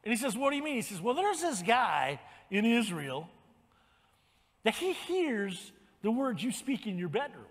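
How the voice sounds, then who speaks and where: A man's voice: very high voice, moderate pace, big-room sound. An older man preaching a sermon as pastor, retelling the story with acted-out lines and calls of "amen". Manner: animated storytelling, acts out quotes.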